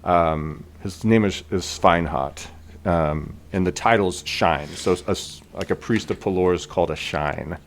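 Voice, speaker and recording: A man running a tabletop game with a relaxed, chatty delivery. His voice sits a little low, and he leans on fillers as he narrates. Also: a little slow, slight background noise. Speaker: game master.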